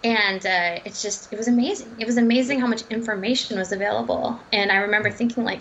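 A woman, a dietitian and runner, telling her story as a podcast guest in a chatty, animated way, full of fillers, restarts and laughs. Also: medium pitch, quick pace, hardly any pauses, dull audio, slight background noise. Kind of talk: casual podcast interview storytelling.

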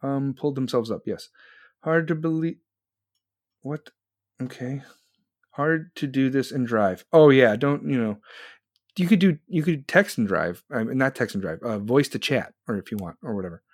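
A man in his forties hosts a live podcast, ranting angrily and bluntly with heavy swearing while reading chat. His voice is medium-pitched at a moderate pace, captured in a dry, studio-quality recording.

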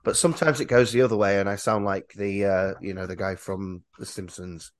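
A man hosting a horror movie podcast, talking casually in a hoarse voice after losing it, joking and stumbling over his words. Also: on the low side, steady tone, a little fast. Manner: jokey, self-deprecating, stumbling restarts. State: hoarse, lost voice. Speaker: podcast host.

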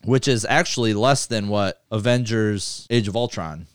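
A man hosting a casual movie podcast, talking loosely with swearing and rattling through a list fast. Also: on the low side, smooth, dry recording, clean studio sound. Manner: loose, profane, reads lists quickly. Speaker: podcast host.

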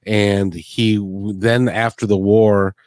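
A man's voice: lowish voice, flat delivery, takes it slowly, darkish tone, dry recording, studio quality. A man from the of the US hosting a podcast, chatting casually and often repeating words as he starts a thought. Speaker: podcast host. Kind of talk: casual interview chat.

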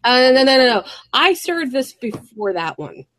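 A woman co-hosting a casual round-table podcast, chatting in a quick, storytelling way full of fillers. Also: high-pitched, big pitch swings, fairly bright tone, poor audio. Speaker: podcast co-host.

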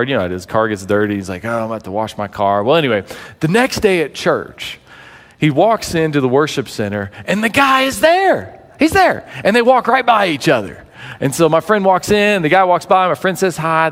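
A man preaching a sermon as a pastor, telling stories with lively, acted-out quotes. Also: mid-range voice. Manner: animated storyteller acting out quoted voices. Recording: long hall reverb.

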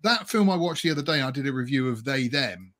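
A man's voice: medium pitch, expressive, fast, a bit bright. A man co-hosting a casual podcast chat about films, laughing often and telling things with animation. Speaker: podcast co-host reviewing films.

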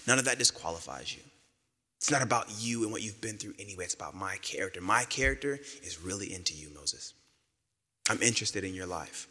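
A gentle, intimate God speaks in a low hush, as a preacher puts him on, dropping almost to a whisper. His bright voice softens, and a long hall reverb carries each phrase. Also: fast talker, breathy edge, heavily acted. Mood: tender. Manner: hushed and low, near a whisper. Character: tender, intimate male God speaking softly.

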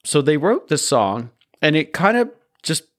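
A man's voice: fairly high pitch, very animated, a little slow, a bit bright. A man co-hosting a podcast in casual chat, teasing and wry. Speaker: podcast co-host.

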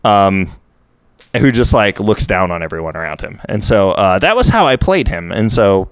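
A man's voice: fairly low pitch, very animated, normal speed, clean tone, no room sound. A young man on a casual podcast, animatedly recounting his tabletop game character with lots of filler words. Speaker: podcast co-host.

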